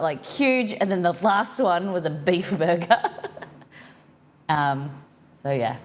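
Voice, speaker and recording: A low-voiced Australian woman runs a cooking live-stream. She chats with viewers and reacts as she reads their comments aloud.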